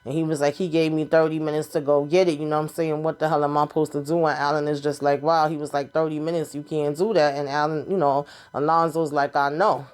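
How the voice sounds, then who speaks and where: A woman recapping a TV episode in a sassy, animated way, with casual slang and mild cursing. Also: low-pitched, quick pace, hardly any pauses. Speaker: TV show recap host.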